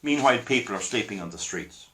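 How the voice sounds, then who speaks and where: A man's voice: lowish voice, lively intonation, quick pace, pushed and bright. An older man with an Irish accent, talking to camera in a rambling, indignant monologue full of restarts. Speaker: commentator.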